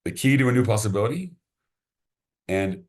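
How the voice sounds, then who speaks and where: A man's voice: fairly low pitch, expressive, moderate pace, a little mellow. A man, a podcast guest, chatting casually and enthusiastically, often restarting his sentences. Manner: enthusiastic, rambling, repeats words when starting sentences.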